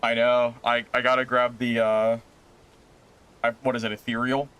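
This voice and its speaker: A man streaming a game live, chatting with viewers in an animated, exasperated way with sudden exclamations. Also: clean tone. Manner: animated and exasperated, quick exclamations with big pitch jumps. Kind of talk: live gameplay stream chat.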